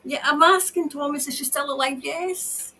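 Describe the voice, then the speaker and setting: A woman tarot reader doing a psychic reading on a livestream. She talks in an emotional, halting way and sometimes drops to a whisper. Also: high-pitched, steady tone, bright, forceful tone, low-quality recording.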